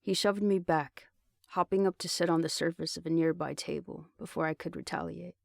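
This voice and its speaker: A man reads an audiobook in the first person, telling the story steadily. His voice sits a bit high for a man and has a gravelly texture. The sound is dry and close to the mic. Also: steady tone, brisk, no room sound. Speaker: audiobook reader. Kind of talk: audiobook narration.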